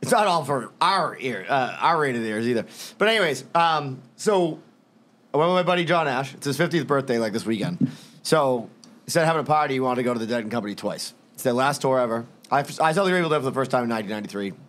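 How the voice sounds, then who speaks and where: A man, co-hosting a casual podcast. He talks in a middle-pitched voice and recounts his weekend with enthusiastic, swear-filled energy. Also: animated, quick pace, a bit bright. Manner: enthusiastic, profane storytelling. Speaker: podcast co-host. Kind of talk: casual chat.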